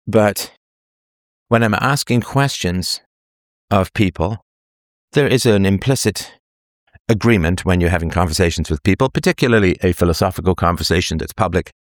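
Deep-voiced man answering listener questions. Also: no room sound, studio quality. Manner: emphatic, with acted-out quoted dialogue. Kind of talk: casual monologue.

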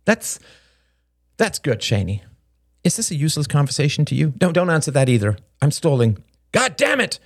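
Brief: restless, sharp-tongued young woman in an audiobook, lively swooping pitch, dry close sound, voiced by a male reader. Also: dry recording. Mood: pleading. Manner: rapid, restless, sardonic rambling. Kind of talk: audiobook character reading.

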